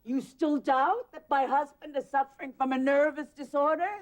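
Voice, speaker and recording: A woman's voice: sits high, fairly even intonation, moderate pace, close to an everyday voice. An actress playing a pushy, melodramatic woman who pesters a bank official with theatrical, wailing insistence. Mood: pleading, indignant. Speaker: petitioner. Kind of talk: film acting.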